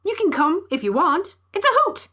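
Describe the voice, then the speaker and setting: A woman voicing a small, plump, brisk alien bird. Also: very high-pitched, big pitch swings, sharp tone, pitched above the performer's own voice, full character voice. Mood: chirpy.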